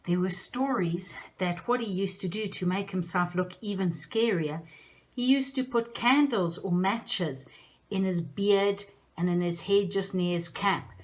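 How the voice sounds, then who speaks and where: Slow sing-song teacher woman. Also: on the low side. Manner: slow, sing-song, speaks directly to kids. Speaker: children's teacher. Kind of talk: lesson for young children.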